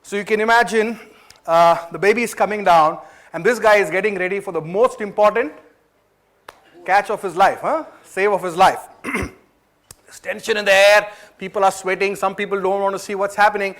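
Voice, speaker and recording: A man from India with a high, fairly bright voice and an Indian English accent speaks at a moderate pace. At a management training event, he gives a motivational talk, telling a story in a chatty way and putting questions to the audience.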